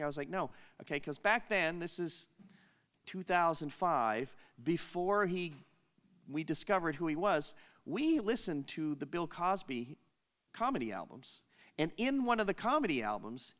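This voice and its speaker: A middle-aged man with a slightly raised, lively voice answers questions at a conference session. He tells stories in a chatty, rambling way, breaks off mid-sentence and laughs often. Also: a little high, a little slow. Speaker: conference Q&A host. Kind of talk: casual storytelling Q&A.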